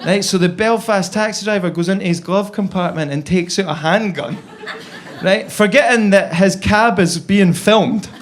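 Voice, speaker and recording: A man's voice: high voice, normal speed. A young Scottish man performing a stand-up comedy set, brash and swearing, acting out the people in his stories. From Scotland. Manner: brash, swearing, acts out quoted voices. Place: comedy club stage with live audience.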